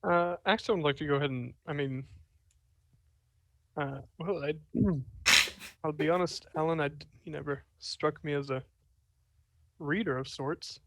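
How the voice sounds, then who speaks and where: A man's voice: fairly high pitch, unhurried, vocal fry, long pauses, a little hiss or hum. A man playing a curious investigator in a tabletop game, chatty and often cutting himself off. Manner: chatty, self-interrupting, laughs often. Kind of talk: tabletop role-play over a voice call.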